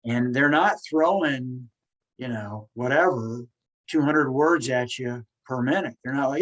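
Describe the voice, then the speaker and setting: A man's voice: mid-range voice, animated, unhurried, fairly bright tone, low-quality recording. A man hosting a podcast, talking casually and encouragingly while he stutters, repeating words and restarting. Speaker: podcast host.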